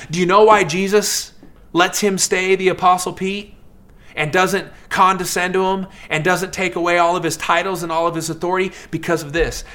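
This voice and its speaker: A man preaching a sermon in a lively, conversational way, acting out characters in quick asides. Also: fairly high pitch. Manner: animated, acts out characters in asides; fast, conversational preaching with many fillers. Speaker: pastor.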